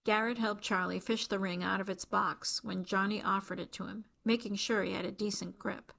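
A woman reading a novel aloud as an audiobook narrator, in even, measured storytelling. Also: medium pitch, creaky. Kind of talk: scripted narration.

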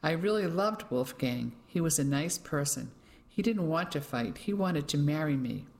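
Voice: mid-range voice, expressive, moderate pace, gravelly. Narrator as a distraught young woman. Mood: desperate.

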